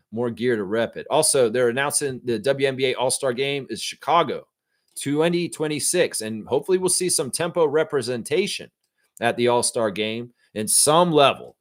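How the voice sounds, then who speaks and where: A man hosting a sports-fan live stream, chatting loosely, swearing and reading viewer comments. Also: mid-range voice. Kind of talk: casual live-stream chat.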